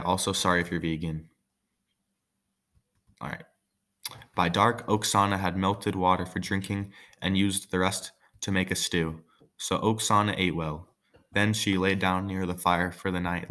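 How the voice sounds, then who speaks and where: A man's voice: sits low, a bit bright. A man reading a folk tale aloud, breaking off for joking, offhand asides. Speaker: story reader.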